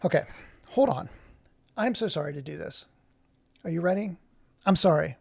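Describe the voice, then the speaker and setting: Brief: male streamer, gravelly voice, rambling, keeps cutting himself off mid-thought. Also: on the high side, animated, normal speed. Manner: rambling, self-interrupting. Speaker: livestream host. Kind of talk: casual livestream chat.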